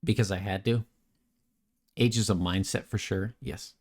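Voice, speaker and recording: Low-voiced young man chatting on stream. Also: fairly even intonation, normal speed. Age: young adult. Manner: rambling, joking, reads chat messages aloud and answers them. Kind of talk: late-night casual chat stream.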